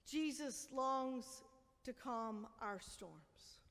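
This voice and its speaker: A woman minister preaching a sermon in a church, emphatic and conversational, often dropping to a quiet, intimate tone. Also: high-pitched, drawn-out words. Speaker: senior minister. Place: church sanctuary. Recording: long reverb of a large church.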